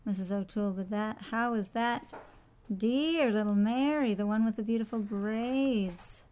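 Woman voicing maid, folksy, gossipy, unhurried, storybook reading. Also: mid-range voice, a little mellow, lightly acted, low-quality recording. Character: chatty Irish housemaid.

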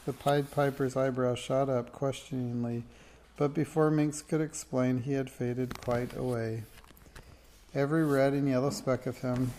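A man reading a children's storybook aloud in a steady, expressive way. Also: medium pitch, a little hiss or hum. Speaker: narrator.

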